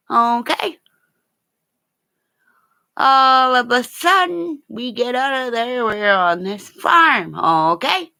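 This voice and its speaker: An older woman with grandchildren, telling funny home stories in a casual, animated way, laughing often and swearing now and then. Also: a little high, slow, gravelly. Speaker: vlogger. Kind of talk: casual storytelling.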